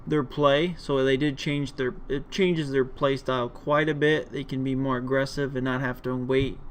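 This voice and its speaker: A man's voice: mid-range voice, fairly even intonation, normal speed, a little hiss or hum. A man hosting a casual gameplay commentary video, rambling with many fillers. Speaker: gaming video host.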